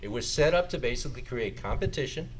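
A man lecturing to a live audience, his pitch swinging widely as he drops in joking asides. A faint hum of room ambience sits under his voice. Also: lively intonation, fast. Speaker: lecturer on sales tax.

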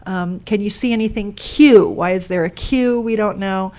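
A woman's voice: medium pitch, moderate pace, darkish tone. Woman giving a talk in front of a crowd, walks them through it, asks questions. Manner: explanatory, asks the audience questions. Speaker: speaker giving a talk on a code sculpture. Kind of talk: live presentation to an audience. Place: lecture room with an audience.

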